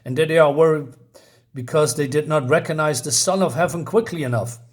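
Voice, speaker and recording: A man reading the lines of a proud, dutiful tribal chieftain from a comic book, slow and formal. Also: on the high side, natural voice. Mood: solemn.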